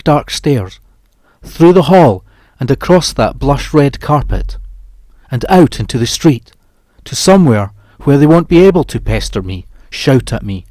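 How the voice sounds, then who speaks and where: A man narrating a horror story as an audiobook, reading in a dramatic, expressive way that slows down and rises for the tense moments. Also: medium pitch, no room sound.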